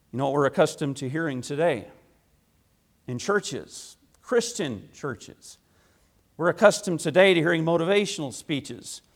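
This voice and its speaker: A male preacher with a notably high voice delivers a sermon. He hammers his points home by repeating key phrases and asking rhetorical questions. His delivery swings between loud declarations and hushed asides.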